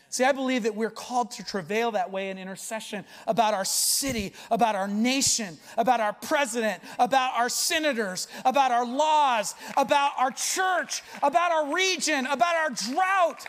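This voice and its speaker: A male pastor preaching an impassioned sermon, swinging between loud urging and hushed intensity. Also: very high voice. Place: church sanctuary. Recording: long reverb of a large hall.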